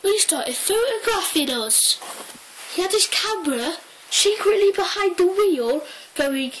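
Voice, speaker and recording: With a rough recording and a faint hiss in the background, a young woman excitedly rambles through a casual story. Her voice is high and unhurried, and she keeps restarting sentences and stacking up fillers.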